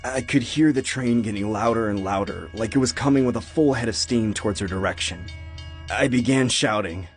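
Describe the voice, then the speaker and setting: A young man narrating a scary personal story in a steady, earnest way. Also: fairly low pitch, normal speed, over music. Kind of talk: scripted horror story narration.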